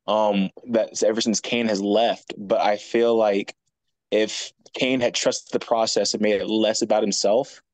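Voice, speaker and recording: A man's voice: on the low side, fairly even intonation, unhurried, no echo, rough recording. A man on a chat panel, hesitantly weighing both sides of an argument.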